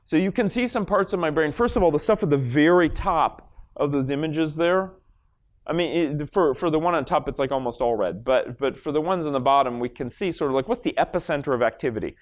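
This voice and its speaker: Demonstrating a brain scan for a live audience on stage, a lecturer from Los Angeles gives a casual, wandering talk packed with fillers and restarts. He speaks fairly quickly in an expressive, fairly high-pitched voice.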